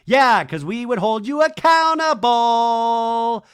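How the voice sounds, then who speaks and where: A man's voice: high-pitched, very animated, unhurried, voice pushed up, full character voice. A man shrieking as a taunting, combative woman. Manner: loud, taunting, sing-song. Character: aggressive combative reality-show woman.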